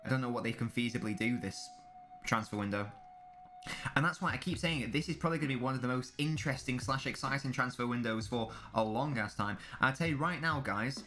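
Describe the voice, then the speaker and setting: A man's voice: mid-range voice, fairly bright tone. A young man streaming a live football watchalong, chatting casually with his viewers and swearing freely. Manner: casual banter with chat, swearing. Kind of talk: live match watchalong commentary.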